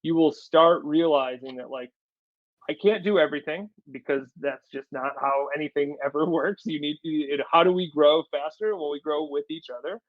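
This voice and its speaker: A man with a somewhat high voice talks with energy as a podcast guest, repeating words to stress his points. The sound is dry and a little dull, with no room around it. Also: normal speed, no echo. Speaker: podcast guest, company storyteller. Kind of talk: casual business interview.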